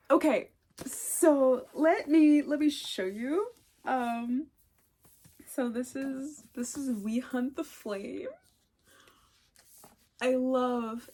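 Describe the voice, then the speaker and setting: A young woman chatting excitedly in a casual vlog, gushing, gasping and dropping into whispers. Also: high voice, takes it slowly, pauses often. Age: young adult. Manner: gushing, excitable, repeats herself, gasps and whispers. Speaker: booktuber.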